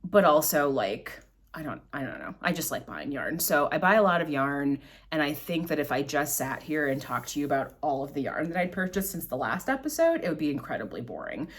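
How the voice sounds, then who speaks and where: A middle-aged woman talks to her listeners in a loose, rambling podcast chat, poking fun at herself as she goes. Her voice sits fairly low but moves up and down a great deal. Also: sing-song, fairly quick, breathy edge. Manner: rambling, self-deprecating, chatty storyteller. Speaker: podcast host. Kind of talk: casual chat. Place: at home, in front of bags of yarn.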